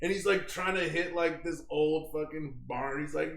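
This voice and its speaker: A young man hosting a casual podcast, telling a wild story with lots of swearing and loud acted-out yelps. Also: on the high side, moderate pace, echoey room, over a noisy crowd. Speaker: podcast host.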